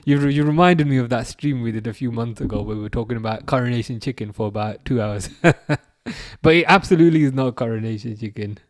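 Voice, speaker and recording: A fast-talking man with a medium-pitched voice hosts a football watch-along live stream, chatting casually and responding to viewers as he goes. His talk is loose and rambling with frequent restarts. The studio sound is clean, with no echo.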